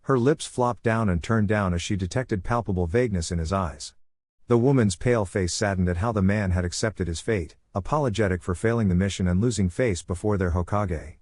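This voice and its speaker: A man reading a fan fiction story aloud in a steady narration. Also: fairly low pitch, dry recording, clean studio sound.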